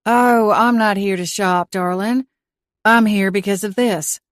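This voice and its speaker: Sweet southern shop lady in her forties, as a woman plays her, slow honeyed drawl, dry recording. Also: medium pitch, no room sound, close to an everyday voice. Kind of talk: audiobook character voice.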